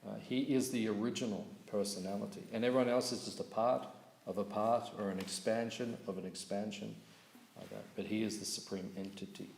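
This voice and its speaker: A man's voice: on the low side, brisk, gravelly. Man telling scripture stories in an echoey hall. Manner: lively storyteller, asks audience questions, laughs. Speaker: temple class speaker. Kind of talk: scripture class storytelling. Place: temple hall.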